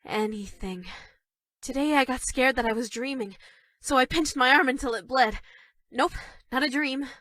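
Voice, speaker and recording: A woman's voice: high-pitched, moderate pace, dry recording, studio quality. Sweetly creepy yandere schoolgirl. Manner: shy and stammering, with sudden dark menace. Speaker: voice actress for a dating game character. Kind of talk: scripted game voice lines.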